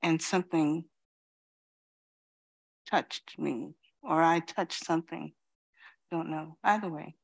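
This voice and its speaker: A middle-aged woman from Queens giving a reflective dharma talk as a Zen teacher, pausing often and saying "you know". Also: low-pitched, creaky. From Queens, New York City. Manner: slow, reflective, many pauses and "you know".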